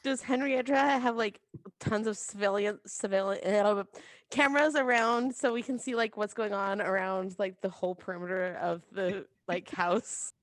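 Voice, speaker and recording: A woman's voice: mid-range voice, steady tone, moderate pace, dry recording. A woman playing a tabletop role-playing game, thinking aloud in a hesitant way. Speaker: player. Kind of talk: casual tabletop role-play.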